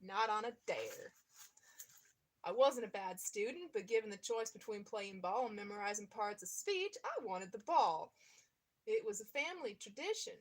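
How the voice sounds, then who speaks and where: A woman reading a memoir aloud in a steady voice, now and then stopping to comment on it and laugh. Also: mid-range voice, normal speed. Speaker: reader.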